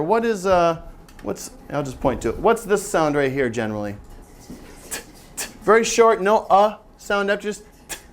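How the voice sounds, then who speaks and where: Before a live audience in a seminar room, a man whose voice is on the high side leads an interactive phonics seminar, quizzing listeners and carefully sounding out each phoneme. A little hiss or hum is audible.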